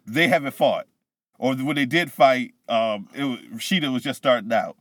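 A man's voice: medium pitch, expressive, moderate pace, fairly bright tone, no room sound. A man co-hosting a casual wrestling podcast, thinking aloud and guessing at outcomes. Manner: speculative, thinks aloud with restarts. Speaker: podcast co-host.

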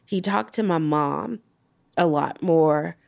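A young adult woman, slowly recounting a personal loss as an interview guest, halting with many fillers. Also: sits low, gravelly, a little mellow.

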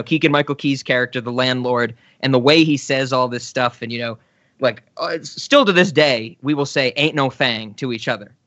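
A man co-hosting a podcast, chatting casually about comedy sketches, laughing often and letting his words trail off softly. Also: medium pitch, no room sound, highs cut off. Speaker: podcast co-host. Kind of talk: casual chat reviewing sketches.

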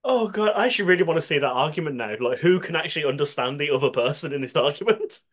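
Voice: medium pitch, lively intonation, fast talker. A co-host with a Birmingham accent in casual chat, reading out a news item and then chatting and laughing along.

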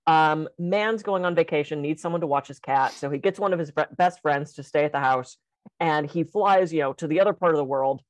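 A woman who runs communication workshops, chatting casually and telling jokes with animated voices. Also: low-pitched, brisk, no echo, low-quality recording. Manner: animated storyteller, jokey. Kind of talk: casual chat.

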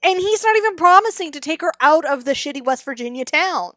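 A woman's voice: sits high, lively intonation, fairly quick, fairly bright tone, no echo, clean studio sound. A woman in casual chat, giving blunt, wry commentary with plenty of swearing. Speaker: podcast co-host.

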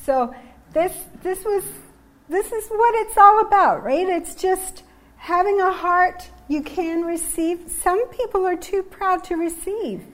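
A woman giving a sermon on generosity, earnest and emphatic, reading scripture passages from slides. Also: very high voice. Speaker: preacher.

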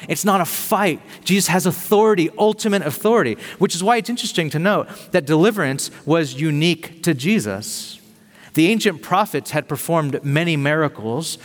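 A man pastor giving a sermon in an energetic, conversational way with casual slang. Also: on the high side. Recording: long reverb of a large hall.

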